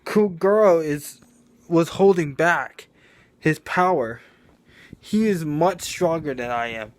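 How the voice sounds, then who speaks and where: A man's voice: fairly high pitch, takes it slowly. A man voicing a brash young male street fighter who talks earnestly and insists on his point, repeating himself.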